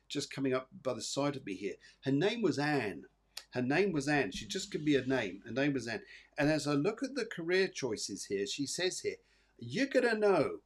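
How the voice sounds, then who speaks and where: A husky, medium-pitched man hosts a live psychic show as a medium. He gives comforting readings to viewers by name, but they're rambling and repetitive, packed with fillers and restarts.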